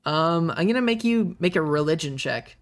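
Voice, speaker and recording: A game master narrating a tabletop role-playing game, unhurried and full of ums and uhs. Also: medium pitch, animated.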